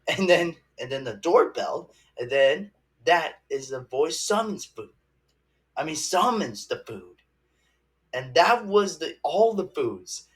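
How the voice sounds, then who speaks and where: Slow, rambling young man reviewing a movie. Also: fairly high pitch, a bit bright. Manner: rambling, halting, many restarts and fillers.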